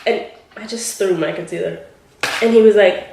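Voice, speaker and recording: A young woman in her twenties telling a story while doing her makeup, animated and giggly, acting out what people said. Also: on the low side, a little fast, vocal fry. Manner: animated, quotes people in lively voices, giggly. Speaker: beauty vlogger. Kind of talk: chatty get-ready-with-me storytelling. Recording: roomy echo with faint hiss.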